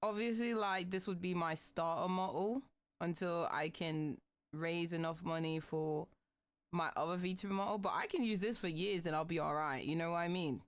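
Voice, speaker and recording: A young adult woman VTuber with a lowish voice chats casually with her livestream viewers at normal speed. She rants animatedly and swears often.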